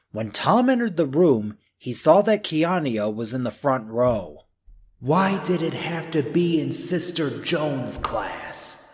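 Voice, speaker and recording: A man with a husky, medium-pitched voice narrates a mystery novel as an audiobook. His reading is expressive, acting out what the characters are thinking.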